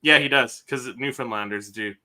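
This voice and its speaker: A Canadian man hosting a podcast with an easygoing, chatty manner. His voice is bright and forward, and he laughs easily between lines. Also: medium pitch, moderate pace, dry recording. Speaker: podcast host. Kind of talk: casual podcast chat.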